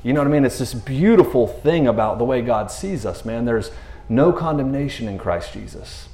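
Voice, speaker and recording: A man talking casually about scripture in a laid-back, slangy way, retelling stories with lively asides. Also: mid-range voice, moderate pace. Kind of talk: casual faith talk. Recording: roomy echo.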